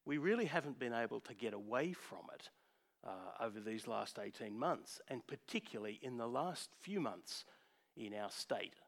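A man's voice: medium pitch, lively intonation, normal speed. A man giving a conversational sermon, with frequent fillers and restarts. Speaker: preacher.

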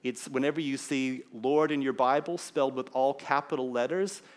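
A man preaching a sermon as pastor, explaining scripture in an emphatic teaching manner with deliberate pauses. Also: medium pitch, steady tone.

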